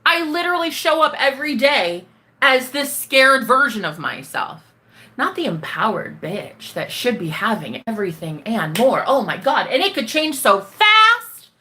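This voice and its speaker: A high-voiced woman who talks straight to her viewers as a manifestation coach. She is blunt and profane and calls them honey and baby. Her tone is bright and tense, and her pitch leaps around in animated swings. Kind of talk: ranting self-talk vlog.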